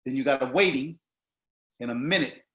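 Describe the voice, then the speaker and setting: A man giving notes to an acting student, halting and repeating words as he quotes lines aloud. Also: medium pitch, pushed and bright. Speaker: acting teacher. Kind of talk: coaching notes in a class. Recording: roomy echo.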